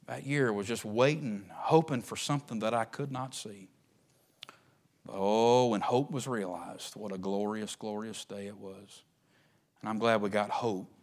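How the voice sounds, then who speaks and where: A pastor with a mid-range voice preaches a sermon, swinging between loud, emphatic lines and hushed ones.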